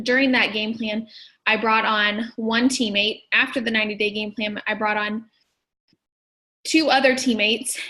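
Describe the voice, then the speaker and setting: Eager bright woman giving a testimonial. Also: fairly high pitch. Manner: eager, talking while eating. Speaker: team leader sharing her experience. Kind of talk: casual testimonial on a call.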